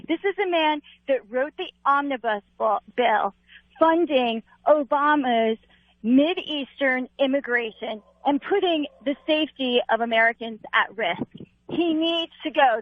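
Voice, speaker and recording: A woman calling into a radio show, stating her views forcefully and insistently. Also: high-pitched, no room sound. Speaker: caller. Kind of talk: call-in radio opinion. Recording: dry phone line.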